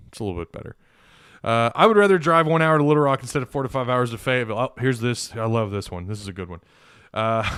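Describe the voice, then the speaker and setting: A man's voice: mid-range voice, a bit bright, clear, resonant tone, no room sound, studio quality. A man hosting a live sports podcast stream, blunt and opinionated, swearing freely and reading chat aloud. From Arkansas. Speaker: podcast host. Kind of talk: casual live-stream commentary.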